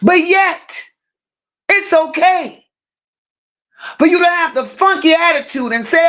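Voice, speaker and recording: A woman hosting a live-stream true-crime commentary. She rants emphatically and confrontationally, leaning hard on her stressed words and pausing to thank viewers in the chat. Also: extremely high pitch, expressive, a bit bright. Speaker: livestream commentary host.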